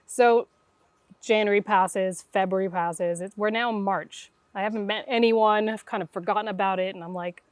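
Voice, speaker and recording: Dry-sounding woman telling a lively story. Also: mid-range voice, normal speed, no echo. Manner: animated, acts out quoted dialogue. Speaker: guest intuitive. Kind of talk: conversational storytelling.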